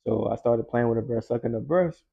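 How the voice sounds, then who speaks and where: A man's voice: medium pitch, a little fast, gravelly, breathy edge. A young man from Louisiana, telling a story in a laid-back, slangy way. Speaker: vlogger. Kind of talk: casual storytelling. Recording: dull lo-fi recording.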